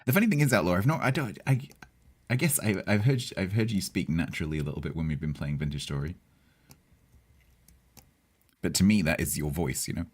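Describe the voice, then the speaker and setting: Brief: game streamer, male, Southeast English accent, very low voice, chatty and rambling, reads chat aloud. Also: a little fast, long pauses. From Southeast England. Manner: rambling, chatty, with hesitations and laughs. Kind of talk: casual live-stream chat with viewers.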